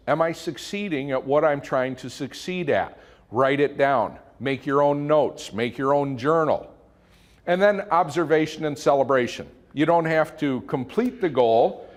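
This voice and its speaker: A middle-aged man, giving a motivational talk and telling a folksy story that quotes his children in animated voices. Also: fairly high pitch. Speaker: motivational speaker.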